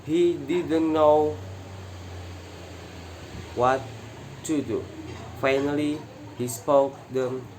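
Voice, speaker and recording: A male student reads a children's story aloud in a halting, careful way, stopping to correct himself. His pace is very slow. A steady air-conditioner hum sits behind the voice. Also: fairly high pitch, low-quality recording. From Indonesia.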